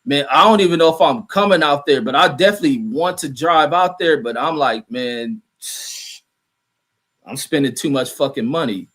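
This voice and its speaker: Profane, rambling man with a fairly high voice. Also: animated, a little fast, few pauses, fairly bright tone. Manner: profane, rambling, many fillers and restarts. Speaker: show host reading live chat. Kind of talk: casual livestream rant.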